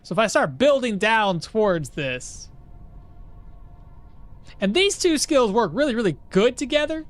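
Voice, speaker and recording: A man streaming a game live, chatty and excitable, explaining his build and answering his chat. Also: sits high, measured pace. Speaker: gaming streamer. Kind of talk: live gameplay commentary.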